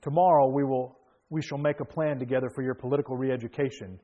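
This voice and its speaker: A weary, stern middle-aged army major as a preacher reads him out. He speaks in a plain commanding way, dismissive of what he hears. The voice sits at a middling pitch. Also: fairly even intonation, fast, phone-quality sound, close to an everyday voice. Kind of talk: sermon story reading.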